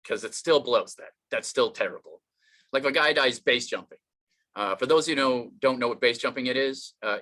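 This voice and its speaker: This man's mid-range voice sounds pushed and bright as he does an online stand-up comedy set. He rambles and puts himself down, with plenty of fillers and restarts.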